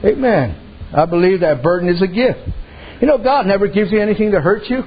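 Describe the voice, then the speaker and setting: With lively intonation and a fairly quick pace, a man preaches from the pulpit as pastor of a Native American reservation community. His high voice is slightly rough. He tells folksy stories and voices the people in them, and the recording is lo-fi.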